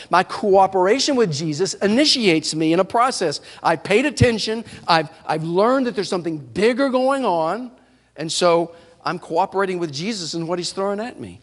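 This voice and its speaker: A man pastor preaching a sermon in a church, telling stories with animated delivery. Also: fairly high pitch. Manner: animated storytelling preacher, shouts playful whoops. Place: church sanctuary. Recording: church hall reverb.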